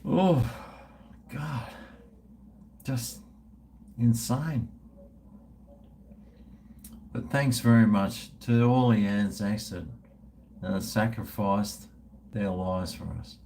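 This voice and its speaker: Slow, rambling man. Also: fairly low pitch, mellow, slight background noise. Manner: rambling and profane. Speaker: livestream host. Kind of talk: casual chat with viewers.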